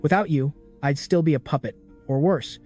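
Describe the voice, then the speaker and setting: A man's voice: a little high, moderate pace, dark tone, faint music behind, lightly acted. A man voicing a strong young female sword master who speaks frankly. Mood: earnest.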